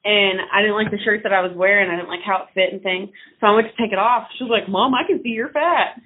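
A young woman telling stories in casual chat, acting out loud quotes with big swings. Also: medium pitch, quick pace. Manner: animated storyteller, swings into loud mock quotes. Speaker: podcast co-host. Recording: tinny phone-like audio.

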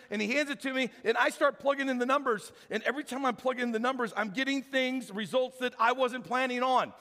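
A man's voice: extremely high pitch, fast talker, hardly any pauses. A man preaching a sermon as pastor, telling stories with acted-out dialogue. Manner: animated storytelling, acts out dialogue. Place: church sanctuary. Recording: hall reverb from church sanctuary.

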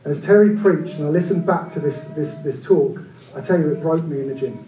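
A man around forty, preaching a sermon in an animated, conversational way with humorous asides. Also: brisk. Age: about 40. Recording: echoey room from far off, low-quality.

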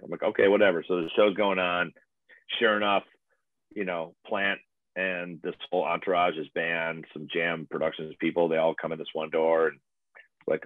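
A man's voice: deep voice, dry recording. A man telling stories in a casual chat. He talks in a laid-back way, swears freely and laughs often, and he plays music and tends bar. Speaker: musician and bartender. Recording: tinny phone-like, dry sound.

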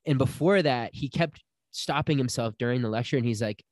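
A man's voice: medium pitch, brisk, no room sound, studio quality. A young man telling a personal story in casual chat, acting out the people he quotes. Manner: animated storyteller, acts out quotes.

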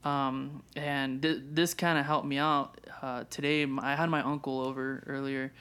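A man's voice: mid-range voice, level tone, normal speed, a bit bright, clear, resonant tone. A young man co-hosting a podcast, talking casually with lots of restarts and swearing. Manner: rambling, many restarts and swearing. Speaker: podcast co-host. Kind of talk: casual chat.

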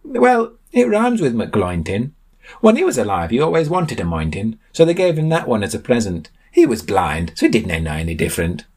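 A man's voice: mid-range voice, wildly swooping pitch, a little mellow, breathy edge, voice pushed up, exaggerated voice. A man voicing a pompous, self-assured young man who declaims grandly. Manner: grand, declaiming, ominous pauses.

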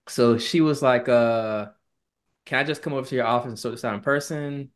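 Speaking a little fast in a mid-range voice, this podcast co-host tells a lively story on a casual show. He quotes the people involved using exaggerated, put-on tones.

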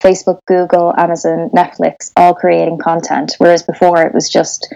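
An Irish woman in her thirties chats as an interview guest in a fairly low voice. She talks in loose, rambling sentences, restarting often. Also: level tone, normal speed, creaky, dark tone, highs cut off. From Ireland. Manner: chatty, with frequent restarts and laughter. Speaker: sound engineer, interview guest. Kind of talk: casual interview.

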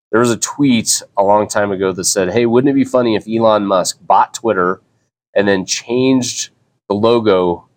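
A middle-aged man hosting a casual solo podcast, talking in a rambling, easygoing way with frequent restarts. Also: fairly low pitch. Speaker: podcast host.

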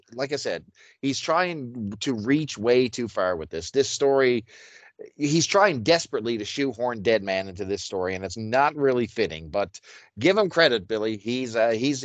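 A man's voice: mid-range voice, expressive, moderate pace, no room sound. An easygoing man co-hosting a comic book podcast, with a mid-range voice. He chuckles often and stammers a little as he starts his points. The recording is dry. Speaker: podcast co-host.

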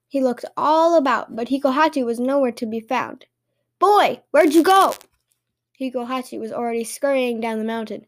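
A woman with a notably high voice reads fairy tales aloud as a podcast host. Her storytelling is lively and expressive.

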